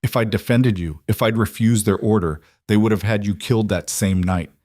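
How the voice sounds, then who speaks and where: Guy reading a desperate alpha king begging through a door, earnest and pleading, low dry voice. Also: a little fast, darkish tone, no room sound, close to an everyday voice. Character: pleading young male alpha king, manipulative.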